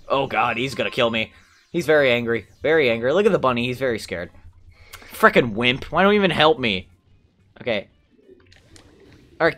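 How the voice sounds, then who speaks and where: A young man casually commentating his own video game playthrough, chatting to the characters and humming along. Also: mid-range voice. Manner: excitable, talks to the game characters, hums along, mild cursing. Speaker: gameplay commentator. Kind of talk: casual let's-play commentary. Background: game music.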